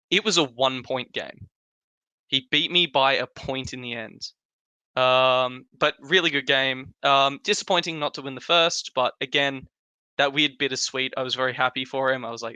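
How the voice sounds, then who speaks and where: A bright, smooth-voiced man talks as a podcast guest in a close, dry recording. He tells his stories in a relaxed way and quotes exchanges back and forth. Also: medium pitch, moderate pace, dry recording. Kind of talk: casual podcast chat.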